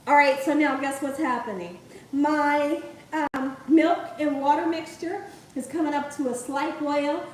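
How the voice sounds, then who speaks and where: A high-pitched young woman hosts a live cooking stream, chatty and quick to laugh, tagging "okay?" onto her steps. She sounds far from the mic, in a very echoey home kitchen with faint cooking noise behind her. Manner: chatty, laughs often, says okay a lot. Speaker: cooking channel host.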